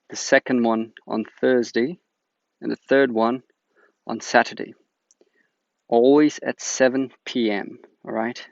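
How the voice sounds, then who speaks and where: Male host, chatty and keen, gravelly voice, muffled lo-fi sound. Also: mid-range voice, no room sound. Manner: upbeat, chatty, enthusiastic. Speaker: agroforestry teacher, channel host. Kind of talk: casual announcement to viewers. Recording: dull lo-fi dry recording.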